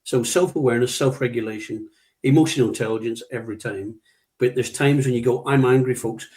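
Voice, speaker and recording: In a slightly fast, slightly mellow voice of medium pitch, a middle-aged leadership trainer from the UK tells anecdotes during a conversational interview. He is emphatic, repeats important words, and acts out the things he'd say.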